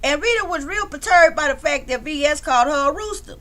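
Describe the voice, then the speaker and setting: Chatty high-voiced woman streamer. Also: lively intonation, brisk. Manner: chatty, shouts out chat members, swears freely. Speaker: livestream commentary host. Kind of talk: casual livestream commentary.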